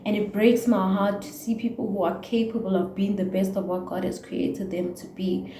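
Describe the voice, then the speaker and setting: A young woman with a South African accent speaks in a mellow, dark voice, preaching from the heart to her viewers. Her words bounce around an echoey room with a faint hiss behind them. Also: mid-range voice, steady tone, moderate pace. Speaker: YouTuber. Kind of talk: emotional casual rant to camera.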